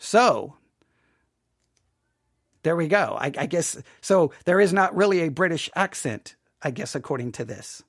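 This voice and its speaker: A man's voice: fairly high pitch, expressive, a little slow, pauses often, no echo, clean studio sound. An American man hosting a Bible podcast, talking casually in a rambling, self-deprecating way with many restarts. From United States. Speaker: podcast host.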